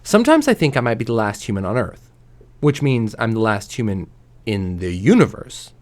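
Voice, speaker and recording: A man reading a novel aloud to his stream, giving quoted lines lively voices and dropping soft and low on the quiet ones. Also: normal speed. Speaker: reader.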